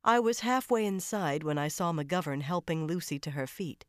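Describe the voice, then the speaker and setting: Low-voiced woman narrating a tense thriller. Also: animated, moderate pace, no echo, clean studio sound. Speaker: audiobook narrator. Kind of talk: first-person audiobook narration.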